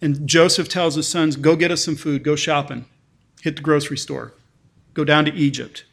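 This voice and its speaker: A man's voice: fairly high pitch, steady tone, normal speed, creaky. A male pastor preaching a sermon in a conversational way, often restarting and repeating words, and reading scripture passages aloud with lifted emphasis.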